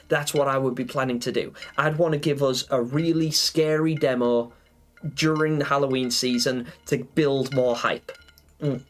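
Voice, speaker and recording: A man chatting casually on a gaming livestream, rambling with lots of fillers and answering viewers. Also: mid-range voice. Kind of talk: casual live-stream chat.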